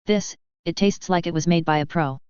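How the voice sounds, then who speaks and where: Teenage schoolgirl, read by a narrator, dry humor, teasing, smooth clear voice. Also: medium pitch, normal speed, darkish tone, no echo, lo-fi sound, close to an everyday voice.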